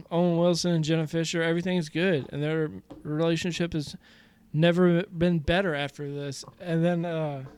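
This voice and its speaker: A man's voice: a little high, flat delivery, normal speed, a little mellow, clear, resonant tone. A young man co-hosting a podcast, casually recapping a comedy film in a loose, profane way. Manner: loose, profane retelling with quoted lines. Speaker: podcast co-host. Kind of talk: casual movie-recap chat.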